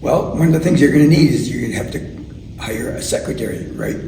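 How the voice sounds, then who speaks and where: An older man, a retired doctor, telling lively anecdotes in an oral history interview and acting out the people he quotes. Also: medium pitch, quick pace. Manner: animated anecdotes, acts out voices in quotes. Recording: echoey room, mic at a distance, faint noise.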